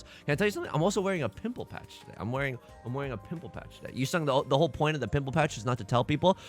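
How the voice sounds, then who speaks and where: A young man giving casual, self-mocking commentary over a mahjong game, jokey and animated. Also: a little high. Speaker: mahjong streamer. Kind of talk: casual let's-play commentary.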